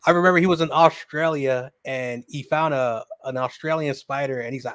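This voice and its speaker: A man in casual chat, animated and laughing, jumping in with quick asides. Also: mid-range voice, no echo, clean studio sound.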